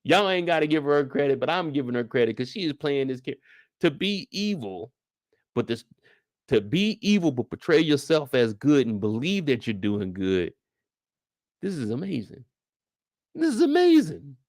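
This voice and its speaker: Animated man hosting a show recap. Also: medium pitch, normal speed, dry recording, studio quality. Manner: animated, slangy storytelling to viewers. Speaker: TV after-show host. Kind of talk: casual episode recap commentary.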